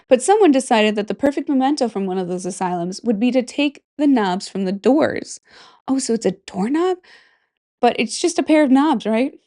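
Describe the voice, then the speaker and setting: A woman's voice: on the high side, a little mellow. Chatty Midwestern woman podcast host. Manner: chatty, rambling, jokey asides and self-interruptions. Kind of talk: casual podcast chat, reading a list aloud.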